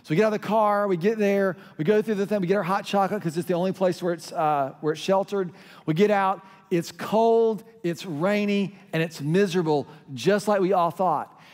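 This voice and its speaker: A man's voice: high-pitched, a little fast, darkish tone. A middle-aged man, preaching a sermon as pastor and telling stories that lead into crowd call-and-response. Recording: hall reverb.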